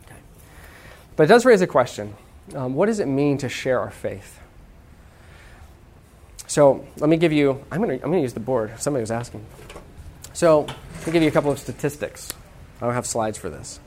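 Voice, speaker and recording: A man's voice: medium pitch, lively intonation, moderate pace, pauses often, a little mellow. A man preaching a sermon in a conversational, humorous way, with asides and restarts. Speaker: pastor.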